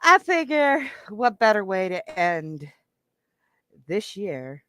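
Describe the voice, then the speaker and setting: A woman's voice: medium pitch, very animated, slow pace, a bit bright, no room sound. A woman hosting a livestream and chatting casually with her viewers in a teasing, joking way. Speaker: livestream host.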